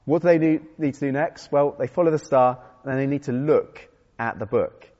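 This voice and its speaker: A man's voice: medium pitch, normal speed. A man preaching a conversational sermon with self-deprecating humor and frequent restarts. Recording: dull sound in a reverberant hall.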